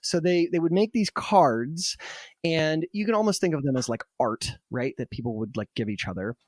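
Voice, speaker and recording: A man hosting a podcast, telling a story in a casual, animated way and laughing easily. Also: fairly high pitch, moderate pace, no room sound, clean studio sound.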